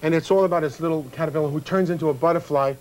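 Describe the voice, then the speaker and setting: A middle-aged man chatting and joking as a celebrity guest on a cooking show, excitable and full of gags, breaking into high laughs. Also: very fast, low-quality recording. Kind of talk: comic chat while cooking.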